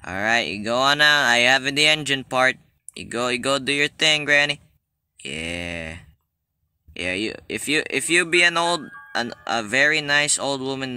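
A young man narrating his gameplay in a very bright, crisp voice. His pitch swings widely as he jokes, apologizes and panics. Casual, excitable let's play commentary recorded at home. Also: no echo. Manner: jokey, excitable, talks to the game character. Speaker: gaming YouTuber.

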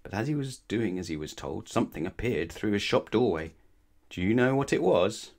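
A man's voice: lowish voice, lively intonation, moderate pace, a little mellow. A man reading a children's bedtime story aloud expressively, often asking the listener questions. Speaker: storybook reader.

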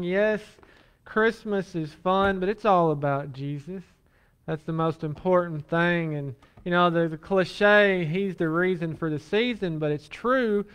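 A man's voice: sits high, a bit bright, clean tone. A man pastor preaching a Sunday sermon with a slight lisp, reading scripture aloud and then leading a prayer. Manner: says he has a lisp; earnest preaching, reads scripture then prays.

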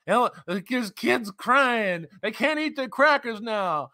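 A man's voice: high-pitched, expressive, slow pace, bright, forceful tone. A man hosting a commentary channel, mocking a news story in a sarcastic, profane rant.

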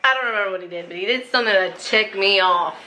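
A young woman chatting casually at home as a family vlogger, excitable and quick to laugh. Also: medium pitch, faint music behind, low-quality recording. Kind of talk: casual chat.

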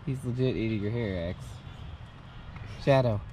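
A man's voice: fairly low pitch, normal speed, dark tone, slight background noise. A man hosting a camping vlog, talking casually and playfully, cooing at a baby goat in a tent at an island campsite. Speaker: vlog host.

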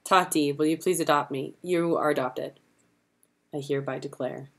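A woman's voice: deep voice, steady tone, moderate pace, gravelly, a bit bright. A young woman hosting a casual livestream Q&A, chatty and giggly as she answers fan questions. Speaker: livestream host.

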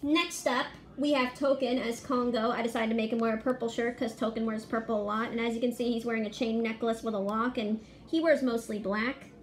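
Woman vlogger, excited and chatty, slightly high voice, casual walk-through of her artwork. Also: a little fast, few pauses, a little hiss or hum. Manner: chatty and excited, listing details. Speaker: fan artist presenting her drawings. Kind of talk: casual video narration.

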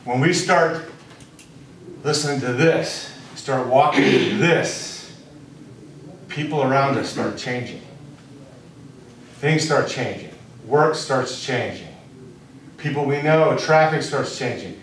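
A man giving a spiritual teaching to a small group, speaking deliberately and repeating key phrases for emphasis. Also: mid-range voice, fairly bright tone. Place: room with a live audience. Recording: very echoey room, distant mic, faint noise.

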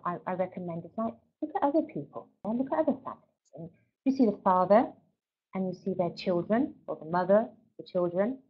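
A woman's voice: lowish voice, muffled recording. A middle-aged woman speaking at a webinar in a chatty, conversational way, often asking "right?" and "you know". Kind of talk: warm conversational talk.

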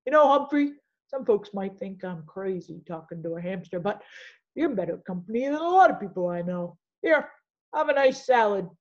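A woman voicing a cheerful, loud man, a friendly night janitor, chatting in a jovial way. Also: animated, normal speed, highs cut off, natural voice. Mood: chatty. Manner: booming, jovial.

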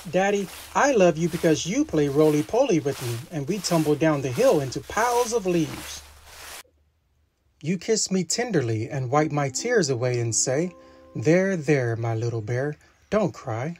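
A man reading a children's picture book aloud to his son, in a gentle, unhurried storytelling manner. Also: on the high side, big pitch swings, slight background noise.

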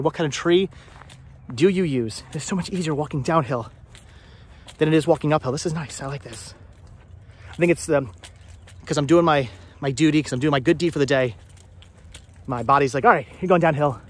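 A man chatting casually to his viewers while walking around outdoors on a hilly farm, rambling and asking them questions. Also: a little high. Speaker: vlogger.

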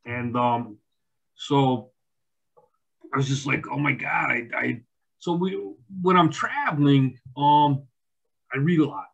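Husky-voiced man telling a rambling story. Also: medium pitch, slow pace, long pauses, dull audio. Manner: rambling, repeats words, acts out quoted dialogue. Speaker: wildlife photographer and author. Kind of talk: casual interview storytelling.

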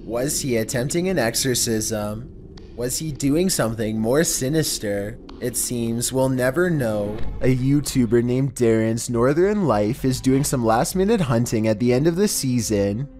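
Man narrating creepy clips, measured. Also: mid-range voice, animated, darkish tone. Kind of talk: scripted narration.

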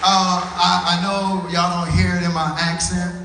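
A man in his thirties from New Orleans, doing a stand-up comedy set with animated storytelling and drawling asides to the crowd. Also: high voice, unhurried, heavy background noise. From New Orleans, USA. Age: 30s. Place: large church hall. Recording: echoey hall, picked up from far off.

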